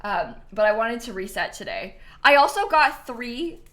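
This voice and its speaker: A bright, lively young woman streaming a game, her voice bouncing high and low as she chatters. She gets excitable easily, laughing and squealing between thanks to viewers. Her tone stays clear and fairly high. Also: moderate pace. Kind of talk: casual live-stream chat.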